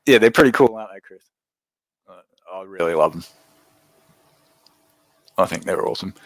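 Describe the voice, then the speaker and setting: Australian male livestream host, deep voice, dry close sound, relaxed and chatty with viewers. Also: normal speed, no room sound, low-quality recording. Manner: relaxed, chatty, reads and answers viewer comments. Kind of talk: casual livestream chat with viewers.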